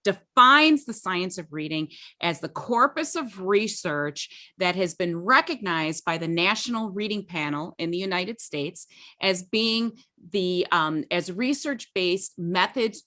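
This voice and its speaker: A woman's voice: lowish voice, lively intonation, measured pace, bright, forceful tone. A woman co-hosting a teaching webinar over a video call, explaining in a chatty way with many fillers and frequent "okay?" checks. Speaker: webinar co-host, literacy educator.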